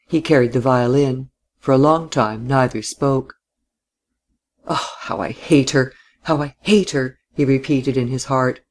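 A man reading a classic novel aloud at an even, measured pace. His voice sits at a middle pitch for a man, calm and steady through long descriptive passages. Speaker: audiobook narrator. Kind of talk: scripted narration of a classic novel.

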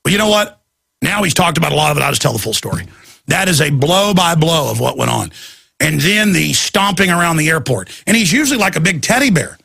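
A man hosting a talk radio show, telling stories in a fired-up, emphatic rant with a gravelly, raspy voice. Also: fairly high pitch, lively intonation, quick pace, pushed and bright, no echo. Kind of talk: ranting talk radio monologue.

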